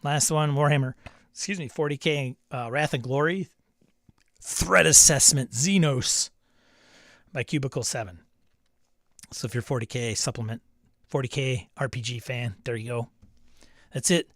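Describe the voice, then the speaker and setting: A man's voice: medium pitch, normal speed, pauses often, a bit bright, no room sound, clean studio sound. A man hosting a casual live stream about tabletop games, chatting loosely and reading out messages from chat. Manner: chatty, rambling, reads chat aloud. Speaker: host.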